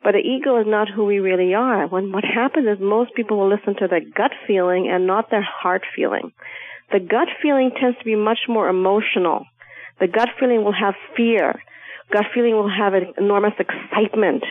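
A woman guest on a spiritual talk show, explaining ideas in a calm, measured way and sometimes playfully acting out voices. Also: mid-range voice. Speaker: guest speaker. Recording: phone-like narrow sound.

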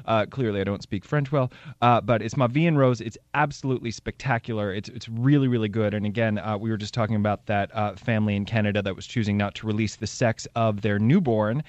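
A man's voice: fairly low pitch, fairly even intonation, quick pace, hardly any pauses, no room sound, dull audio. Upbeat chatty male radio host. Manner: chatty, upbeat, laughs easily. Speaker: radio show host and psychic reader. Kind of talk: casual call-in radio talk.

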